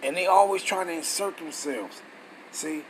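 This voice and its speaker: A man's voice: fairly high pitch, normal speed, slight background noise, poor audio. Blunt, profane man teaching scripture. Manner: blunt, profane, emphatic, rhetorical questions. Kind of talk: casual scripture study, reading aloud and commenting.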